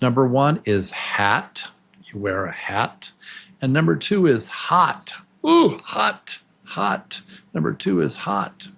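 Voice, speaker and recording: A man's voice: medium pitch, fairly bright tone. A man teaching a beginner English pronunciation lesson, drawing out and exaggerating each example word. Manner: slow, exaggerated, drawn-out example words. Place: Los Angeles.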